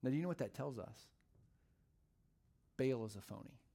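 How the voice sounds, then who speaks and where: A man's voice: medium pitch, expressive, normal speed, vocal fry, mellow, slightly rough. A male pastor preaching a sermon in a conversational, humorous storytelling way.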